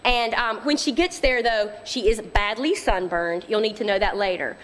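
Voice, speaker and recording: A woman's voice: mid-range voice, normal speed, fairly bright tone. A woman author who talks plainly about her novel and reads passages from it aloud. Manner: conversational, explains plainly before reading.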